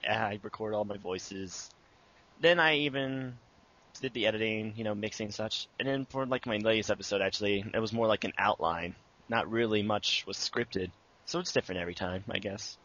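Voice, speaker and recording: A man's voice: lowish voice, brisk, fairly bright tone, muffled recording. A young man answering interview questions about making his abridged series, casual and rambling with many fillers.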